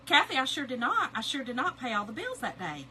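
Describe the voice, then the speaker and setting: A woman's voice: sits high, big pitch swings, fairly quick, bright, forceful tone, slight background noise, poor audio. A middle-aged woman, chatting and laughing with viewers as she crafts on a livestream. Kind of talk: casual chat while crafting live.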